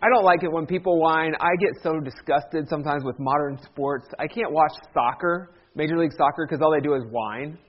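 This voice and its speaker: Male pastor, light humorous sermon, high voice, muffled lo-fi. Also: brisk, hardly any pauses. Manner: joking, conversational storyteller. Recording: dull lo-fi sound.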